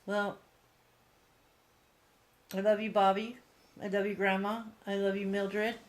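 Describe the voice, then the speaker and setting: Woman, paranormal investigator, ghost box session, earnest, speaks straight to spirits, middle pitch. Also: level tone, a little slow. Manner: earnest, addresses spirits directly and affectionately.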